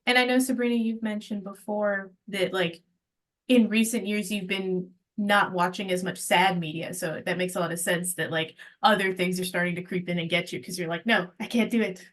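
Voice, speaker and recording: A woman's voice: mid-range voice, steady tone, moderate pace, fairly bright tone. A woman co-hosting a casual podcast, speaking in a reflective way and laughing lightly. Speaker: podcast co-host.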